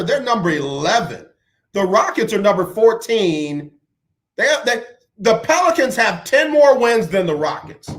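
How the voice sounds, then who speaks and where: A man hosting a casual sports talk radio show, animated and joking, often repeating himself for emphasis. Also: sits high.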